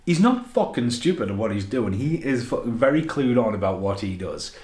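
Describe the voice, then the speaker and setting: A man giving an unscripted, rambling film review, excitable and full of swearing. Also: mid-range voice, moderate pace. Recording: echoey room.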